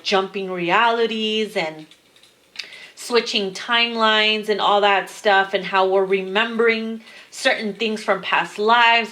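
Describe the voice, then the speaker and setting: A woman's voice: mid-range voice, fairly bright tone. A young adult woman reading tarot, talking casually to her viewers late at night in a rambling, chatty way with some swearing. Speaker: tarot reader.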